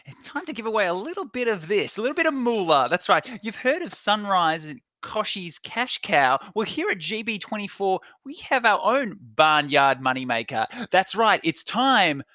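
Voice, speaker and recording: A man's voice: high voice, very animated, moderate pace, few pauses, sharp tone, dry recording, muffled recording. A man co-hosting an improvised comedy stream, giggly and hyped like a game-show announcer. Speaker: co-host.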